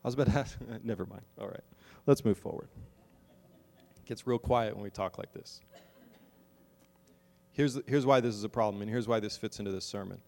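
A man preaching a sermon to his congregation, moving from wry, conversational asides to loud, slow, emphatic exhortation. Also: lowish voice, vocal fry, long reverb tail. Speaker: pastor.

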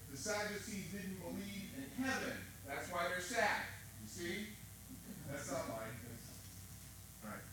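A man delivers a sermon in a bright, high voice, talking to his listeners more than at them and firing questions at them. The recording is very echoey, as if captured in a large reverberant sanctuary, with a faint hum of room ambience underneath. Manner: conversational and animated, asks the room questions. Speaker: preacher.

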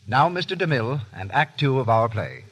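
A man's voice: mid-range voice, sing-song, brisk, a bit bright, poor audio. A man announcing and narrating an old radio play in a formal, declamatory manner. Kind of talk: scripted narration. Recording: old radio broadcast with violin music.

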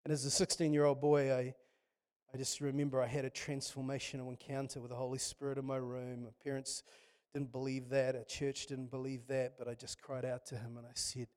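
A man's voice: medium pitch, flat delivery, a little fast, darkish tone. A man preaching a sermon, telling stories with passion and frequent restarts. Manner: impassioned, storytelling with many restarts.

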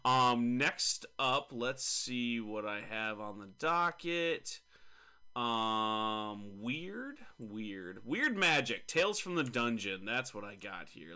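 Bright-voiced joking man. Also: mid-range voice. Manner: joking, mock-scolding, rambling with fillers. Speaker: podcast co-host. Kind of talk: casual chat about tabletop games.

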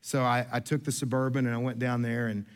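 A man's voice: medium pitch, little pitch movement, fast talker, clear, resonant tone. A man preaching a sermon as pastor, telling a story in a chatty, self-deprecating way with many restarts. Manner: chatty, self-deprecating, restarts often, acts out quoted people. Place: church sanctuary.

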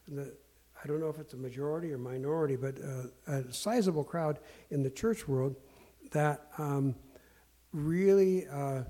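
A man tells personal stories in an earnest, self-deprecating way, pausing and restarting often with fillers. His voice sits a little high for a man, with a mellow, warm tone. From Portland area. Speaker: speaker sharing life lessons. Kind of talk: candid storytelling talk.

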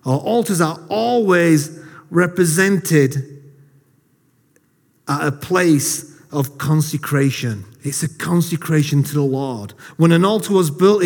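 A man's voice: on the high side, gravelly. A man in his thirties giving a casual, jokey sermon to a congregation, telling self-deprecating stories. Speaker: lay preacher. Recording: long hall reverb.

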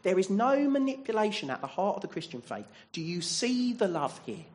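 A man's voice: high voice, very animated, fairly quick. A man preaching a sermon in a church, earnest and asking the congregation many rhetorical questions.

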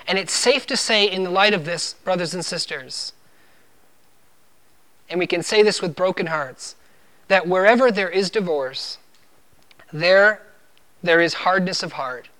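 A man's voice: high-pitched, fairly bright tone. A man preaching a sermon as pastor, earnest and emphatic, driving points home with firm repeated refrains.

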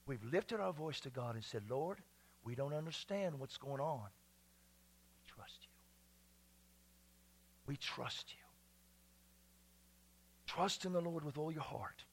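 A man preaching a sermon to his church, swinging from hushed, whispered lines to loud, shouted passages. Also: fairly high pitch. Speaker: pastor. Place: church sanctuary.

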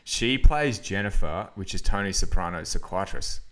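A man's voice: deep voice, lively intonation, moderate pace, a bit bright. A man hosting a casual film review podcast, rambling with lots of fillers and frequent laughs. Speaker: podcast host.

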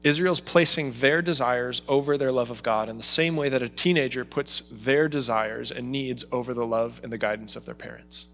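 A man's voice: medium pitch, moderate pace, creaky, hardly any pauses, a little hiss or hum. Man preaching with pleading passion. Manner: expressive, voices God's pleading in emotional asides. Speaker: pastor. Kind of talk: sermon.

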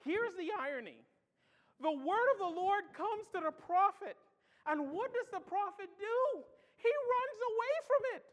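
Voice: very high voice, animated, a little slow. A preacher delivering a sermon with impassioned energy and emphatic rhetorical questions. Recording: long hall reverb.

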